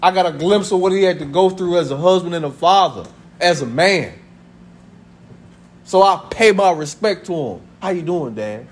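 Animated, high-pitched preaching man. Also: moderate pace, a little hiss or hum. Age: 30s. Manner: conversational preaching with laughter and acted family voices. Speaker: pastor. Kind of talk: sermon. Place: church sanctuary.

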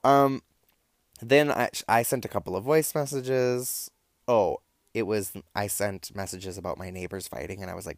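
Young man, low voice, dry close sound, casual storytelling, wry campy asides. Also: moderate pace, no echo. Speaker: vlogger recapping text messages. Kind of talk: casual storytelling, reading out texts.

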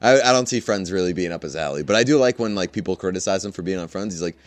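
A laid-back man co-hosting a casual comedic podcast chat, wry and quick to laugh. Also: low voice, expressive, no echo. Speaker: podcast co-host.

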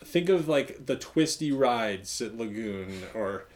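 A man chatting casually with a friend about a movie, animated and quick to laugh. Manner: animated, jumps into high-pitched impressions when laughing. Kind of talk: casual chat reviewing a movie.

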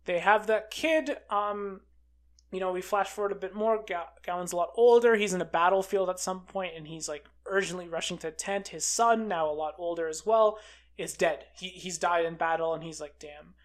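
A film reviewer giving a casual, rambling recap of a movie, full of "like", who quotes characters in a flat, offhand voice. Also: mid-range voice, moderate pace.

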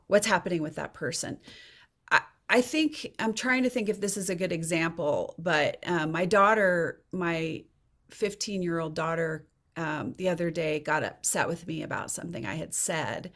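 A therapist in her forties, guesting on a podcast interview, speaks in a slightly low voice at a moderate, animated pace. She's thoughtful, often pausing and restarting as she searches for an example.

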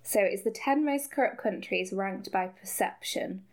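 A woman's voice: medium pitch, unhurried. A woman co-hosting a podcast in casual chat, giggly and playfully ironic. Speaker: podcast co-host.

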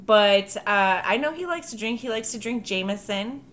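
Bright-voiced, foul-mouthed woman. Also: mid-range voice, animated, normal speed. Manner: loose, profane, jokey storytelling. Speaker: podcast co-host. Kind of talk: casual chat, reading history notes.

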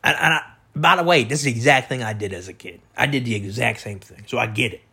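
A man's voice: medium pitch, fast, vocal fry, pushed and bright, husky. A man hosting a podcast, telling rambling, profane stories about his neighbors in a casual, meandering way with lots of fillers and restarts. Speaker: podcast host.

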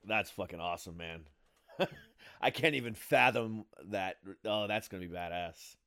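Man, podcast host, casual chat, bright voice, laid-back. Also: on the low side, unhurried, clean tone. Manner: laid-back, swearing reactions.

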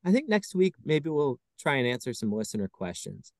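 Man, podcast host, casual chatter, self-mocking, mid-pitched, dry. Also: big pitch swings, brisk, no room sound. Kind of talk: casual baseball chat.

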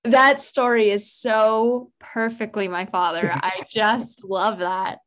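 A woman's voice: medium pitch, steady tone, slow, fairly bright tone. Enthusiastic woman hosting a podcast. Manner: enthusiastic, encouraging listener. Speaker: podcast host. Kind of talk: casual interview chat.

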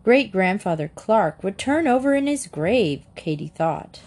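A woman reading a children's book aloud in a gentle, expressive narration. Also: medium pitch, unhurried. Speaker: audiobook narrator.

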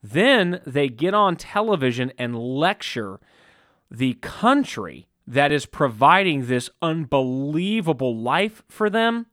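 A man's voice: fairly high pitch, slow, no room sound. Guy giving a chatty sermon, voice jumps all over, dry close sound. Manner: conversational, animated, acts out quotes, frequent restarts. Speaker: preacher. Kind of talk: informal sermon.

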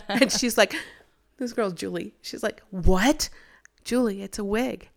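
A woman's voice: medium pitch, unhurried, creaky. A middle-aged woman casually telling a personal faith story, acting out what others said. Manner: animated, acts out quoted voices. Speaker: guest sharing a testimony.

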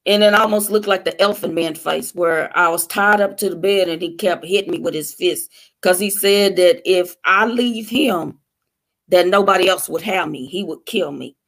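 A woman's voice: fairly low pitch, moderate pace, a bit bright. A woman sharing her personal testimony as a guest on a talk show, telling her story in an earnest, emotional way.

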